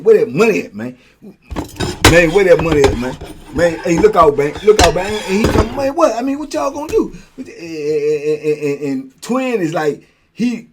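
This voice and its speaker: A man's voice: on the high side, husky. An older man telling a prison story in casual slang, acting out the voices of the people in it. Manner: animated, acts out voices of others in his story. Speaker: storyteller host.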